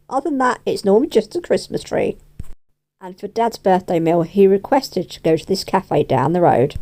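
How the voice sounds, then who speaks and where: A woman's voice: medium pitch, warm tone. A woman narrating her vlog in a chatty, cheerful way. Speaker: vlogger.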